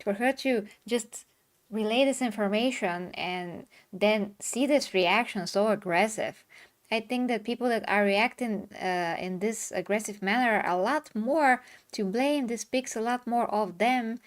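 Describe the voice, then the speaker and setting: A woman's voice: mid-range voice, a little slow. Chatty woman hosting a discussion. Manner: rambling, restarts mid-sentence, reads viewer comments aloud. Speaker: host. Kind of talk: casual chat.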